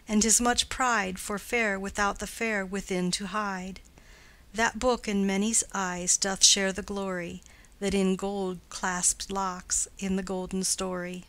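A woman reading the part of a noble middle-aged mother who urges her daughter toward a match, reciting verse in a measured way. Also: mid-range voice, a bit bright.

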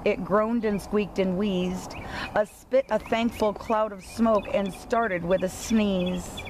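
A woman reading a children's picture book aloud, slow and playful, lifting her voice for the animal lines. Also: mid-range voice, slight background noise. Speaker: storybook reader.

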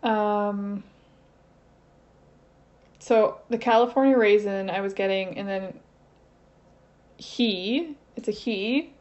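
Slow and a bit mellow, this medium-pitched woman leaves long pauses as she channels on her own. Her casual session is tentative, full of thinking aloud and self-questioning. Lo-fi audio, slightly dull, with a faint noise floor.

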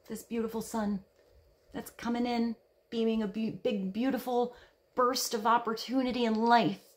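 A woman giving a casual tarot reading, speaking softly and dreamily, sometimes sinking to a whisper. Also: mid-range voice. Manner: soft, dreamy, drops to a whisper when reading card texts. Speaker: tarot reader.

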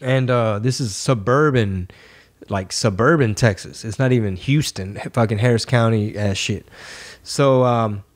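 A man's voice: medium pitch, measured pace. Profane, rambling man hosting a podcast. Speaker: podcast host. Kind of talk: casual podcast chat.

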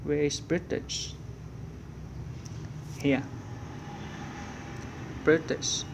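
A man's voice: fairly high pitch, fairly even intonation, very slow, vocal fry, background noise. A man working through an English workbook exercise aloud, thinking as he goes and searching for answers. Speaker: English teacher. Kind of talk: workbook walkthrough lesson.

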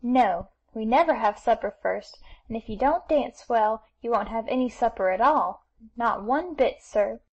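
A woman's voice: on the high side, normal speed, a little mellow, dull audio, natural voice. A woman voicing a little girl who earnestly plays a polite, bossy mother at a pretend tea party. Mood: stern.

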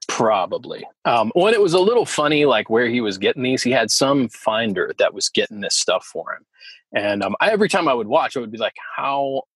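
A man co-hosting a podcast in casual chat, animated and laughing often. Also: medium pitch, fairly quick, husky, dry recording, poor audio. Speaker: podcast co-host.

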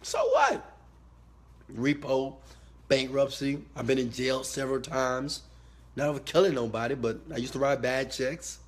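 A man giving a motivational talk to his viewers, emphatic and preachy, swinging from quiet asides to loud shouted bursts. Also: medium pitch, very animated, unhurried. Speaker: motivational speaker.

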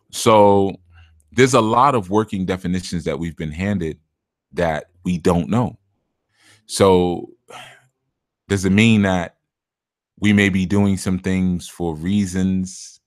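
A man's voice: sits low, unhurried, long pauses, dry recording, clean studio sound. A man giving a casual spiritual talk to his listeners, chatty and laughing often, sometimes acting out voices for quotes. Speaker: spiritual teacher.

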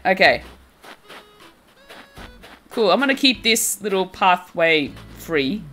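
A young woman talks with a bright, forceful tone and an unhurried, drawn-out delivery. She chats and giggles as she streams a game, teasing the people in her chat. Faint game music plays quietly underneath her voice. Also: medium pitch, big pitch swings. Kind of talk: casual live-stream chat while playing.

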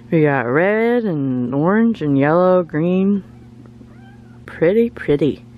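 A woman's voice: lowish voice, expressive, drawn-out words, pauses often, darkish tone. A young adult woman narrating a casual family vlog to her viewers in a chatty way. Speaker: family vlogger.

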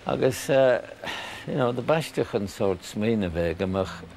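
An older Irish man reminiscing casually, chuckling and pausing with many fillers. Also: mid-range voice, lively intonation, creaky, darkish tone, a little hiss or hum. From Ireland. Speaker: storyteller.

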